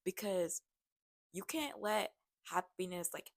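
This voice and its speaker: A young woman in her late teens, with a hoarse voice that sounds deep to her, chatting in a rambling, self-mocking way while she bakes for a vlog. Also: moderate pace. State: hoarse from karaoke. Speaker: vlogger. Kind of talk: casual baking vlog chat.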